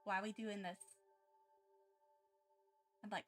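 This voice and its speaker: A young woman chatting casually on her art livestream, excitable and rambling with lots of fillers as she gushes thanks. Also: mid-range voice, measured pace, soft background music. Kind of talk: casual live-stream chat.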